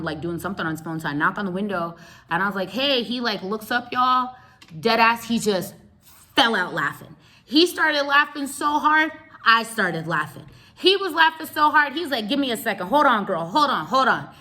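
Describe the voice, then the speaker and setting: A woman telling a story casually to her viewers, animated and slangy, laughing as she goes. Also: mid-range voice.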